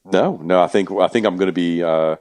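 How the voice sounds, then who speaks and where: A man with an extremely deep, low voice talks casually as a guest on a podcast. He keeps it relaxed and joking, padding his sentences with fillers. The recording is dry and close. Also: fairly quick, no echo. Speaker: event organizer and guest.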